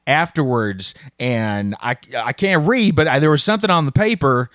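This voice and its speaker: A man's voice: mid-range voice, expressive, normal speed, a bit bright, no room sound, clean studio sound, close to an everyday voice. A man voicing a nervous, gossipy male janitor with a Southern US accent, rambling in a conspiratorial way.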